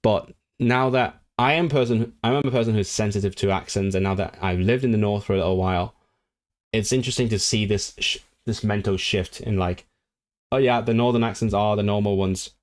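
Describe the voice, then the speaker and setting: Speaking a little fast in a fairly low voice, a Hong Kong man runs a language livestream. He reads out viewers' comments and responds with animated, rambling replies full of restarts and self-corrections.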